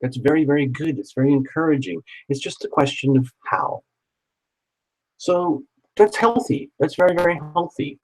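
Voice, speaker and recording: Husky man giving an encouraging tarot reading. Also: on the high side, lively intonation, moderate pace, poor audio. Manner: encouraging, chatty, repeats words for emphasis. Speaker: tarot reader. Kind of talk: live-streamed tarot reading.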